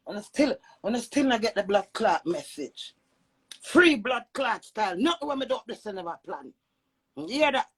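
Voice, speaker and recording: A Jamaican woman with a high voice delivers a brash, cursing rant. She swings between loud shouts and low mutters. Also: slightly rough, poor audio. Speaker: social media personality.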